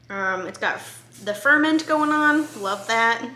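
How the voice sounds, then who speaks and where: A woman's voice: on the high side, animated, a little slow, pushed and bright. A woman food vlogger, bubbly and enthusiastic, giving a casual review of a dish at home in her kitchen.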